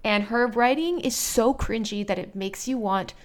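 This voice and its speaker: A woman co-hosting a casual chat, retelling a plot in an animated, blunt, dramatic way. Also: on the high side, moderate pace. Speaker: podcast co-host.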